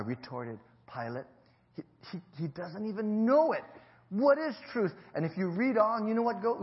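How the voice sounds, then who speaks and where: Pastor, male, high voice, storytelling sermon, dull lo-fi audio. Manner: storytelling preacher, swings between loud emphasis and low quiet.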